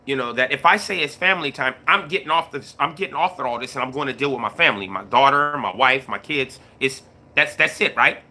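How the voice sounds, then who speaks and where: A man's voice: medium pitch, a little fast, hardly any pauses, pushed and bright. A middle-aged man chatting casually on a livestream, greeting viewers and repeating himself as he talks. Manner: laid-back, repeats himself, greets chat mid-story. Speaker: YouTube live streamer.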